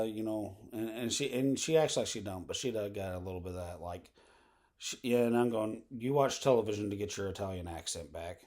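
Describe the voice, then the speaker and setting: Man, lowish voice, rambling vlog monologue, lots of fillers and tangents. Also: darkish tone. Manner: meandering, full of fillers and asides. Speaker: vlogger.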